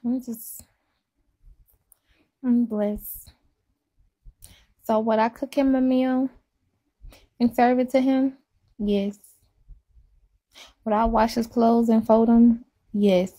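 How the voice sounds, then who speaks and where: A woman's voice: on the high side, fairly even intonation, slow pace, long pauses, dark tone. Woman rambling in casual livestream talk. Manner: rambling, self-deprecating, repetitive.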